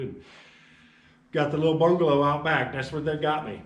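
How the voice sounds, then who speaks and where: Animated man telling his testimony, echoey room. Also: medium pitch, quick pace, distant mic, slight background noise. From Chicago. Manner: animated storyteller acting out dialogue. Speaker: testimony speaker. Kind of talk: personal testimony storytelling.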